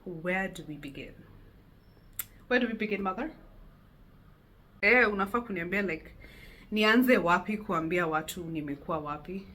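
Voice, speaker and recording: A woman chatting casually to camera in a solo vlog, giggly and animated, seated indoors at home and picked up by the camera mic. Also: fairly low pitch, normal speed, pauses often. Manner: giggly, animated, self-teasing. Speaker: vlogger. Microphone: camera mic, no lapel.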